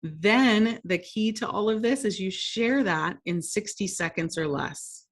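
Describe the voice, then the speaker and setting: A woman's voice: mid-range voice, unhurried. Chatty woman leading a workshop. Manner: conversational, laughs often, self-deprecating. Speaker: workshop presenter. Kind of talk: workshop lesson with storytelling.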